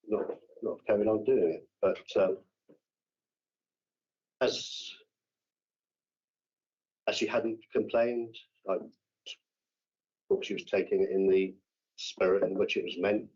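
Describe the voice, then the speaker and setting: An English man speaking as a councillor at a formal hearing, halting and repeating his words. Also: low-pitched, a little mellow. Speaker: councillor responding to a complaint. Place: council meeting room. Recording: dull lo-fi meeting recording.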